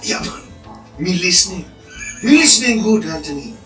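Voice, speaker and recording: A man's voice: high voice, lively intonation, moderate pace, fairly bright tone. A man putting on a fake Jamaican accent in mock broken English, trolling an interviewer in a comedic bit. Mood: teasing. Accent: put-on Jamaican. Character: man faking a Jamaican stoner persona. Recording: roomy, distant, under game music.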